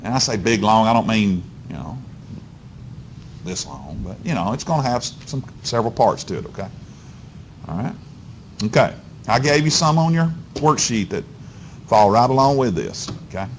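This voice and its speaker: A man's voice: lowish voice, lively intonation, moderate pace, pauses often, a little hiss or hum. A male physics teacher, lecturing a class in a folksy, coaxing way and checking in constantly with "okay?" and "all right?". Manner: folksy, coaxing, talks straight to students.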